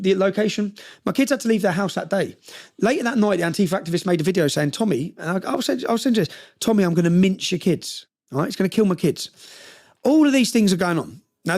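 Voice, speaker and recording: Fast-talking gravelly man. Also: high voice, a little mellow. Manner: rapid and intense, keeps checking in with "yeah?"; recounting with quoted dialogue. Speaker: interview guest. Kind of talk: casual storytelling in an interview.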